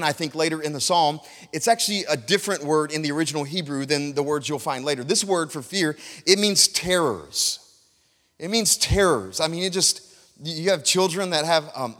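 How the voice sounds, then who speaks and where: Male preacher, fairly high voice, emphatic and repetitive, church hall with long reverb. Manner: animated, emphatic preaching with repeated phrases. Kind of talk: sermon.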